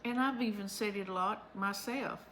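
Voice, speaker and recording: A woman's voice: medium pitch, normal speed, a bit bright, slight background noise, poor audio. A woman giving a chatty, homespun devotional talk as the host of her own vlog, recorded at home.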